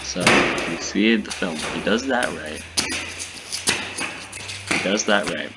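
A young man with a very deep voice gives casual reaction commentary. He rambles through his explanations with plenty of fillers and laughter. The recording carries clear background noise. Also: animated, takes it slowly. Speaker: creator reacting to his old videos. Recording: noisy recording.

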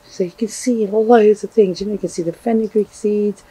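A man's voice: sits high, fairly even intonation, moderate pace, warm tone, breathy edge, low-quality recording. A man reviewing chilli pickles in a vlog, gushing and effusive with repeated exclamations. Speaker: food reviewer. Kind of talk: enthusiastic product review vlog.

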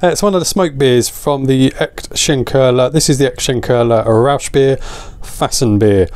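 A man's voice: medium pitch, moderate pace, a little mellow, clear, resonant tone. A man, a little out of breath, chatting casually and enthusiastically as he reviews a beer on camera.

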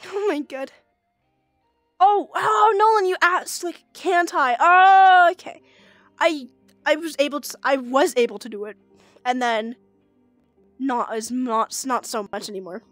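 A woman's voice: high-pitched, unhurried, long pauses, fairly bright tone, no echo, soft background music. A young woman streaming and chatting casually with viewers, giggly and prone to exclamations. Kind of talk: casual livestream chat.

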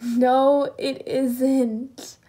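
A woman voicing a calm, wise female elephant in a children's story. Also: high-pitched, drawn-out words, husky, exaggerated voice.

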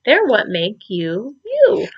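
Storybook mother porcupine, read by a woman: tender and soft, lively pitch. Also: slow, breathy edge, muffled recording, full character voice. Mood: gentle. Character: gentle mother porcupine, caring and soft-spoken.

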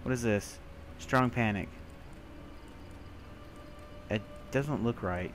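A young man giving let's play commentary, talking to himself and breaking into panicked shouts, over faint game music. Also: mid-range voice, takes it slowly. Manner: jumpy, talks to himself, bursts into panicked shouts. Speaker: gaming video creator.

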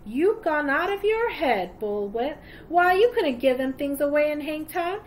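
A woman's voice: fairly high pitch, moderate pace, slight background noise, natural voice. Woman voicing a folksy old gold miner. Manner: rough folksy frontier drawl.

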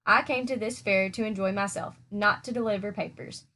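A greedy male rat with a sneering, smug way of talking, as a woman reading a storybook aloud puts him on. He sounds pleased with himself and scornful of chores. The voice sits at a middle pitch for a woman. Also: fairly even intonation, moderate pace, bright, forceful tone, a little hiss or hum, natural voice. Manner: sneering, self-satisfied.

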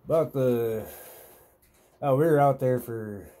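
A man's voice: medium pitch, slow pace, mellow. A man hosting a podcast, telling a rambling, profane story in a laid-back, casual way. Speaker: podcast host.

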